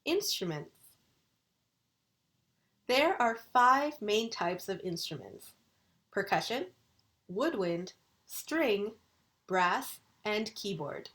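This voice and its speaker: Recording a video lesson, a female university English lecturer says vocabulary words slowly and deliberately. Her mid-range voice has a sing-song lilt and a fairly bright tone.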